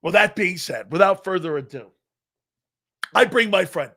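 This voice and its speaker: A middle-aged man hosting a live sports talk show, ranting loudly and profanely about football. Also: high-pitched, normal speed, gravelly. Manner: loud, profane and animated, mocking others in put-on voices. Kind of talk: unscripted sports rant.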